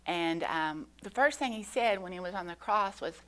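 A woman gives a children's Bible lesson at church, explaining gently with frequent pauses and fillers. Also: fairly low pitch, animated. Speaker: Sunday school teacher.

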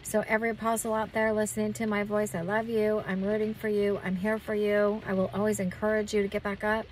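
A woman's voice: mid-range voice, little pitch movement, brisk, a little mellow, distant mic, slight background noise, rough recording. A woman who is a prophetic minister, giving an earnest, encouraging talk and a spoken prayer, with frequent restarts. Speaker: self-described prophetic minister.

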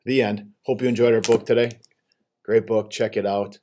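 A man with a low, soft and mellow voice reads a children's picture book aloud for a school audience. He tells it expressively, with lively turns for the characters. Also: normal speed, slight background noise. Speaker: school read-aloud host.

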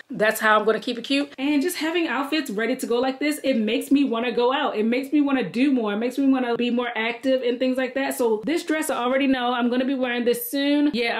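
A woman vlogger, chatting casually and cheerfully to viewers from a room at home, laughing often. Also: fairly high pitch. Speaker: lifestyle vlogger. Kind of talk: casual home vlog chat.

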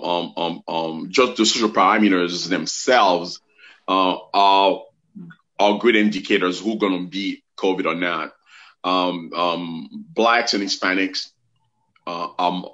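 A middle-aged man, a physician guest on a talk show, explaining slowly with many ums and restarts. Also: low-pitched, sharp tone. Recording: dull lo-fi sound.

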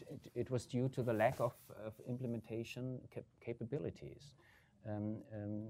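A man answering questions as a government state secretary on a panel, measured, with frequent ums and uhs. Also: on the low side, bright, forceful tone, slight background noise. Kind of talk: panel discussion remarks.

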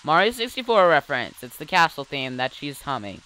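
Low-voiced woman doing game commentary. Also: big pitch swings, a little fast, sharp tone, a little hiss or hum. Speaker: let's play commentator. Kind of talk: casual gameplay commentary.

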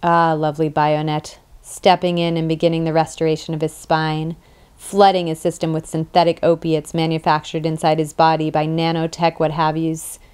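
A woman narrating a sci-fi audiobook in a dry, even storytelling manner. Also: sits low, normal speed, smooth. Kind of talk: scripted narration.

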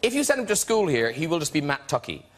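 A man's voice: on the high side, big pitch swings, quick pace, heavy background noise. An Irish man hosting a talk show, teasing and giggly.

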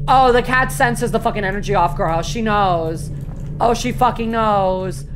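A woman's voice: mid-range voice, a little slow, noisy background. A woman streaming a horror game live, panicking, swearing and shrieking the same exclamations over and over. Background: game music.

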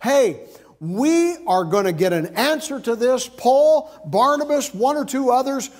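A preacher voicing determined early church men, urgent and insistent. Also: male voice, very high voice, lively intonation, a little slow, voice pushed up.

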